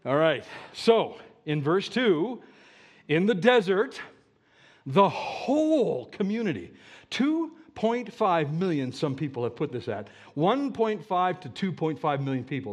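Male pastor, middle-aged, sermon, high voice, swooping lively delivery. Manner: animated, rhetorical questions, mock-whiny quoting.

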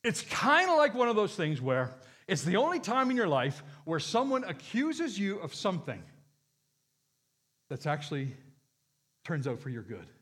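Male pastor, slightly high voice, lively pitch, emphatic sermon delivery. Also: moderate pace, pauses often. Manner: animated, emphatic preaching with rhetorical questions.

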